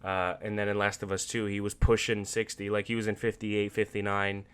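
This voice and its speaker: A man hosting his own podcast, talking casually and profanely about a video game, laughing often and swinging from loud excitement to quiet earnest remarks. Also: on the low side, a little fast, clean tone. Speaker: podcast host. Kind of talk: casual solo podcast commentary.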